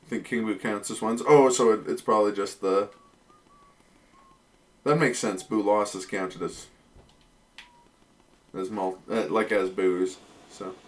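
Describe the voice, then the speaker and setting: A man's voice: on the low side, steady tone, measured pace, long pauses. Joking male streamer, chatty and loose. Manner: joking, laughs often, slips into silly voices. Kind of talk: casual gameplay chat.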